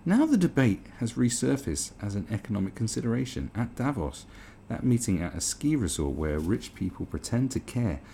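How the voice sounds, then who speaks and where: A man's voice: on the low side, big pitch swings, normal speed, creaky, dark tone, slight background noise. A British man ranting in disbelief as he reads and reacts to an article, swearing often. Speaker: commentary host. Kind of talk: reaction commentary.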